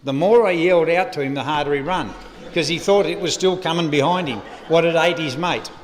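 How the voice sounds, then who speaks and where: His voice is a little high and fairly quick as he, an Australian, tells a rambling, comic story during a eulogy at a lectern microphone. The recording comes from an echoey funeral hall at a funeral service venue.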